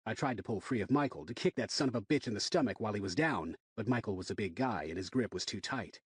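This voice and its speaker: A man narrating a thriller audiobook in the first person, in an expressive, tense reading. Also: on the low side, fast talker, breathy edge, no room sound, studio quality.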